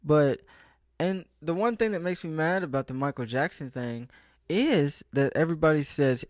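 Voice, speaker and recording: A man's voice: a little high, expressive, moderate pace, darkish tone, no room sound. Rambling young man, dry close sound. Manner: rambling, loses his train of thought, self-interrupting. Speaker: vlogger. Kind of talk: casual rambling vlog monologue.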